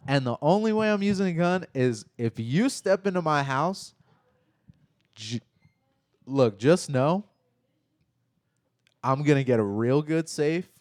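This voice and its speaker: A man co-hosting a casual live chat, telling stories in a profane, animated way. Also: fairly high pitch, measured pace, long pauses, dry recording, clean studio sound. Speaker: podcast co-host.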